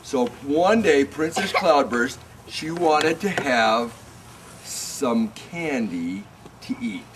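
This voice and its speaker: Storyteller dad, lively pitch, slow and gentle, for reading bedtime tales at home. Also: male voice, noisy background. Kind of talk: bedtime story telling to a child.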